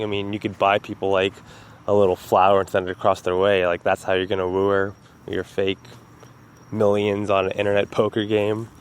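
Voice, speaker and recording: A man's voice: lowish voice, monotone, a little fast, clear, resonant tone. A man hosting a casual solo podcast from home, telling rambling stories, swearing freely and laughing at them. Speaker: podcast host.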